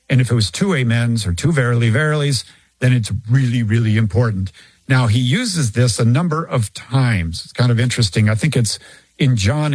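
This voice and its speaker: A man teaching scripture in a lively explanatory manner, acting out little examples as he goes. His voice sits at a middle pitch. The recording is dry and close. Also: slightly rough, no room sound, poor audio. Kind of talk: recorded Bible teaching answer.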